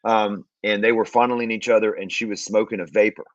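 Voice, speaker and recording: A man's voice: fairly low pitch, fairly even intonation, brisk, no echo, highs cut off. Wry man, dry close sound. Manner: wry, rhetorical, sets up jokes. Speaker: co-host. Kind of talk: casual comedic talk show banter. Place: video call.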